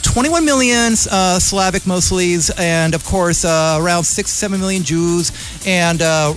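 A man in casual political chat reads a news article aloud and keeps breaking in with his own remarks. His voice sits high and animated, with faint music running underneath. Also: measured pace. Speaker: podcast co-host.

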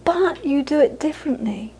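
A woman with a high-pitched voice leads a Buddhist teaching session. She tells anecdotes, laughs easily, and repeats key phrases for emphasis. She speaks in the loose, conversational manner of a dharma talk given to a live audience. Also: expressive, normal speed, mellow, low-quality recording.

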